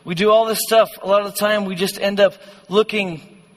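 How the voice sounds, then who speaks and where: A youth pastor preaching a conversational, passionate sermon in a church hall. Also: male voice, high voice, fairly even intonation, brisk. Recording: long hall reverb.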